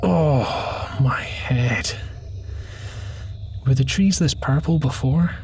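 An actor playing a frustrated young podcaster, exasperated and sarcastic with deadpan asides. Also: male voice, mid-range voice, drawn-out words, music in the background. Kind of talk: comedy sketch acting.

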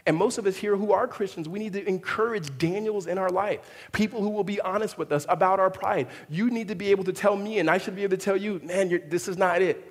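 A fairly high-voiced male pastor preaches in a reverberant church hall, animated and expressive. He restarts phrases often and slips into quoted voices as he goes. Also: fast, hardly any pauses. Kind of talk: sermon.

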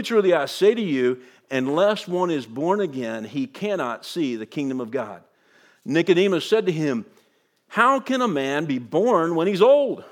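A male pastor preaching a sermon, reading scripture aloud and breaking in with emphatic asides. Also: fairly high pitch.

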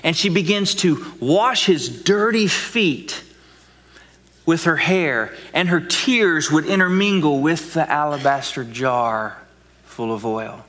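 A man's voice: on the high side, lively intonation, takes it slowly, a bit bright, big-room sound. A man preaching a sermon with dramatic delivery, acting out voices and dropping to whispers for emphasis. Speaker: pastor.

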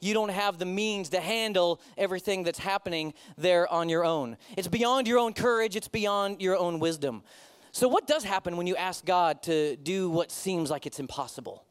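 A middle-aged man delivers a sermon in a loose, conversational way, tossing in self-mocking asides. His voice sits high and moves a lot, rising and falling with each point. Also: expressive, moderate pace, clean tone. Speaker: pastor.

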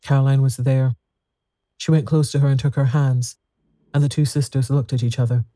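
Guy reading an audiobook, super dark mellow tone, calm and measured. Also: mid-range voice, dry recording. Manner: measured, even storytelling. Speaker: narrator. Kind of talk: audiobook narration.

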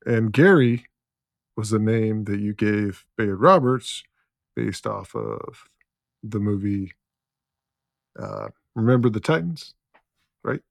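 A male podcast host with a lowish voice who speaks at a slow, deliberate pace. He reads out memories in a relaxed, chatty way. The sound is dry and close, with no room echo. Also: creaky. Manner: unhurried, reads out shared memories with filler ums. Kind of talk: casual interview chat.

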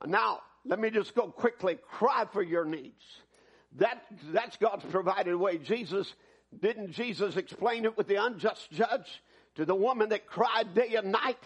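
High, husky-voiced fervent male preacher. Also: measured pace. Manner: fervent preaching that swings from loud appeals to hushed prayer. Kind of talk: sermon. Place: church service.

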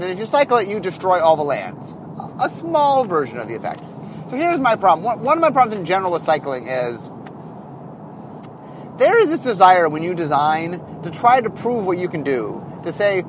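A male game designer in a casual, animated monologue, thinking aloud as he explains design choices. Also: high voice, slight background noise.

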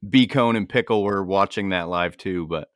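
A man's voice: low-pitched, moderate pace, a little hiss or hum. A man co-hosting a podcast in casual chat, joking around, laughing often and swearing freely. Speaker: podcast co-host.

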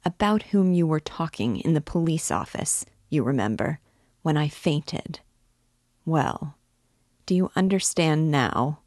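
Woman voicing a feverish young man, mocking, taunting, low voice, unhurried, storybook reading. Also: animated, no room sound, studio quality. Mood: hushed intense. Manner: taunting, then hushed and intense.

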